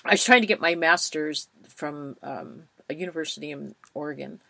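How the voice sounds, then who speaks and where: A woman's voice: low voice, normal speed, vocal fry, dry recording. Chatty, enthusiastic woman in her fifties. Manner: chatty and enthusiastic, restarts often, swings between loud and soft. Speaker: podcast host, former school teacher. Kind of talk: casual interview chat.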